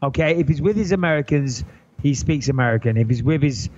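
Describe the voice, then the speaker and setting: A man in his thirties with an English accent, chatting on a podcast in an animated, joking and profane way. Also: mid-range voice, a little fast, lo-fi sound. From England. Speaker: podcast guest. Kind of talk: casual podcast chat.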